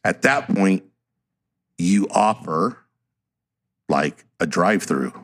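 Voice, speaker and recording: A man's voice: low-pitched, takes it slowly, background noise. A man telling stories in a casual podcast chat, swearing freely and acting out what people said. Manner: profane, animated storyteller acting out quotes.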